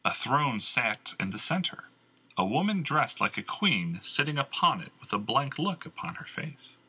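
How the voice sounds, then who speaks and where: A man narrating a fantasy novel in a measured, expressive scripted read. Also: mid-range voice, husky. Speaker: audiobook narrator.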